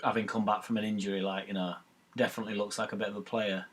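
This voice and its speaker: Blunt, swearing football fan. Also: male voice, fairly low pitch, flat delivery, racing, breathy edge. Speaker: fan channel host. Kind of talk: live match watch-along commentary.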